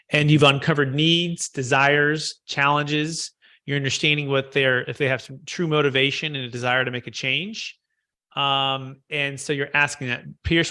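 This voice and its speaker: A man's voice: medium pitch, pushed and bright. A man leading a live sales training session, coaching trainees and repeating key phrases.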